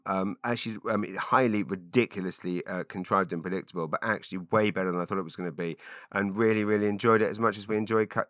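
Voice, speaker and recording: A man's voice: lowish voice, pushed and bright, dry recording, studio quality. A middle-aged man hosting a solo podcast, rambling casually with many ums and restarts. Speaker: podcast host.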